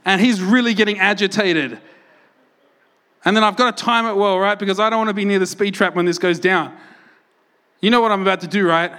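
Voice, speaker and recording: A man preaching a sermon, telling stories and acting out quotes with lively energy. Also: high-pitched, brisk, pauses often. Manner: animated storytelling, acts out quotes loudly. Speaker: pastor.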